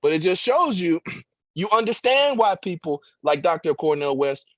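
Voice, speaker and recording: A man's voice: sits high, sing-song, moderate pace, fairly bright tone, no room sound, highs cut off. A man giving impassioned political commentary as a radio guest, with emphatic, preacher-like rhetoric.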